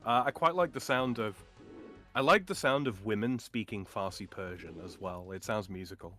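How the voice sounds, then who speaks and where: A man's voice: on the low side, pushed and bright, faint music behind. Opinionated man chatting casually. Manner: opinionated, halting starts, chuckles. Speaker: co-streamer. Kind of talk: casual chat.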